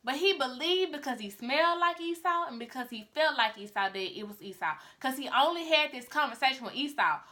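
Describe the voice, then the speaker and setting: A woman vlogger retelling a Bible story in casual, chatty talk aimed at her viewers. Her voice sits high and sounds bright. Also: animated, a little fast, few pauses.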